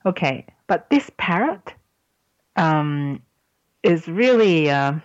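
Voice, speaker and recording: Low-voiced woman chatting on a podcast. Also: lively intonation, takes it slowly, no echo, lo-fi sound. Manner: chatty, laughs often, explains words. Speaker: podcast host. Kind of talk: casual chat, telling a joke.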